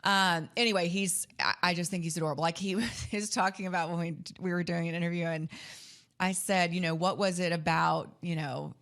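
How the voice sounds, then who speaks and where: A woman with a fairly low voice co-hosts a casual podcast. She talks sports in an excited, rambling way and often breaks off to restart a thought. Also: fast talker. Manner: chatty, self-interrupting, enthusiastic. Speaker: podcast co-host and sports reporter.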